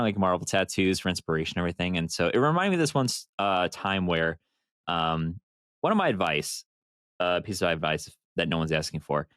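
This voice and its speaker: A man with a low pitch, heard in a dry studio-quality recording. He co-hosts a podcast, chatting casually and telling long, meandering stories with animation and the odd curse.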